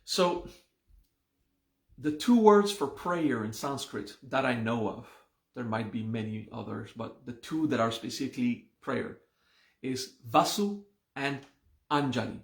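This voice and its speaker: This man, a meditation and mantra teacher, explains ideas during a live online class at a deliberate, unhurried pace, pausing for frequent "okay?" checks. His medium-pitched voice is creaky with lively intonation, and a roomy echo suggests an open space.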